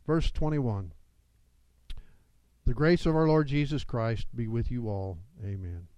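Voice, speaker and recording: A man's voice: mid-range voice, measured pace, dark tone, smooth, no echo, rough recording. A man preaching a sermon as pastor, with emphatic delivery that rises and falls.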